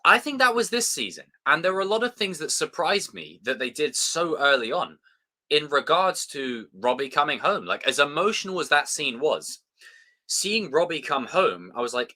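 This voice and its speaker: British man, live review host, lively swooping pitch, bright tone, excitable, swears a lot. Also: normal speed. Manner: excitable and sweary, with frequent fillers. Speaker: show host. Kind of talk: casual live review chat.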